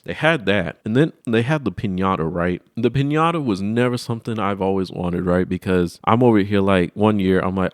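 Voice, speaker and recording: A man's voice: fairly low pitch, a little fast, few pauses, no echo, studio quality. A young man hosting a casual talk show, rambling through profane childhood stories and acting out the voices in them. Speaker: podcast host. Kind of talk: casual storytelling chat.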